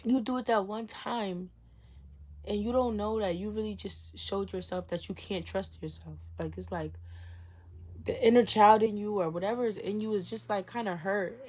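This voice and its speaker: Young woman, vlog monologue, blunt, slangy, swears freely, acts out inner voices. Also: mid-range voice. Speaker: vlogger. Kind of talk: candid self-help talk to camera.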